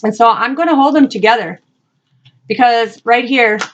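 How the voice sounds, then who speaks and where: A woman reading spiritual messages, earnest and repetitive, speaking encouragingly and asking spirit questions out loud. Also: fairly high pitch, normal speed, lo-fi sound, a little hiss or hum. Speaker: spiritual reader and channel host. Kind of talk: casual spiritual card-reading talk.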